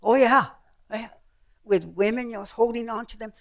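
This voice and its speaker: A woman's voice: fairly high pitch, quick pace. An older woman giving an author's talk, telling travel stories with slides and acting out the people she met. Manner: lively storyteller, acts out voices. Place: heritage center event room with audience.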